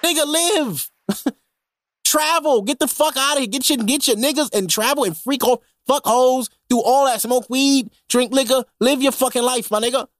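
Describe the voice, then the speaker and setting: A man's voice: extremely high pitch, moderate pace, no echo, clean studio sound, some chatter behind. A man hosting a podcast, ranting casually and comedically with lots of slang and profanity. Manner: profane, animated, heavy slang. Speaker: podcast host.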